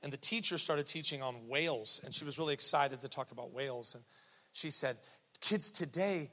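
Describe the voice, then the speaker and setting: A man's voice: mid-range voice, fairly quick, pushed and bright. A male pastor preaching an emphatic, joking sermon to a church congregation. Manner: emphatic, repetitive, jokey. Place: church sanctuary. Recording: reverberant church hall.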